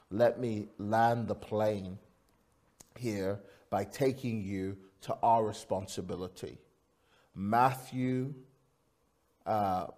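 A man preaching a sermon, swinging from quiet storytelling to loud, fervent peaks. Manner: preaching with big swings in pitch and loudness, rising to fervent peaks. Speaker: pastor.

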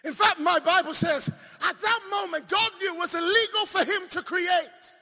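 A male preacher delivering a sermon with emphatic swings between shouting and hushed asides, often asking the congregation questions. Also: very high voice, moderate pace. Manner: playful, asks the crowd questions. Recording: long reverb of a large hall.

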